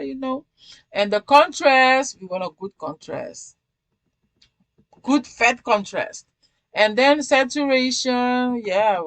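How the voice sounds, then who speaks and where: A woman hosting a casual craft software tutorial who talks chattily, repeats herself and keeps checking in with the viewer. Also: high voice, no echo.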